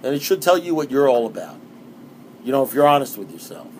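A man's voice: mid-range voice, animated, fast talker, a little hiss or hum. A middle-aged man from New York giving a rambling, conversational personal testimony to a recovery meeting. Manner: rambling and conversational, with many restarts.

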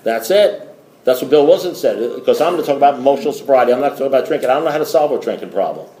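A man's voice: medium pitch, lively intonation, very fast, warm tone. A middle-aged man giving a blunt, rambling recovery talk to a group, swearing and repeating himself. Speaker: AA meeting speaker.

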